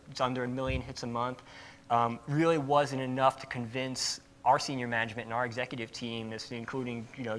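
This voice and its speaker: A man's voice: medium pitch, fairly bright tone. Casual man giving a conference talk. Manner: casual and emphatic, with frequent fillers. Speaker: conference presenter.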